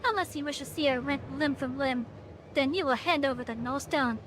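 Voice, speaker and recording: A woman's voice: high-pitched, a little fast, fairly bright tone, slight background noise. A woman reading out a scheming male thief who holds a hostage, with theatrical, taunting threats through a voice changer. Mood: menacing.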